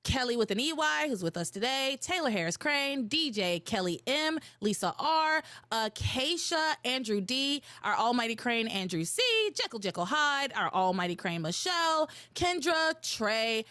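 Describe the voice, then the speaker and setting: A young adult woman hosting a podcast in casual, animated chat, exclaiming and swearing freely. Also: a little high, moderate pace, few pauses, no room sound. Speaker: podcast host.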